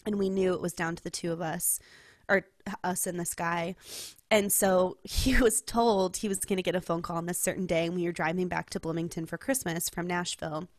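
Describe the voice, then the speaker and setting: A young woman from California, co-hosting a podcast and telling a personal story in casual, heartfelt chat, full of "like" and quick laughs. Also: lowish voice, steady tone, no room sound, studio quality. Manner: chatty storytelling, heavy use of "like", laughs often. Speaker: podcast co-host.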